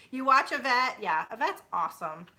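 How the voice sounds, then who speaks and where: Woman, 30s, bright voice, chatty vlogger, rambling with fillers, sitting on her bed at home. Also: medium pitch. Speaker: YouTuber. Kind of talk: casual chat with viewers.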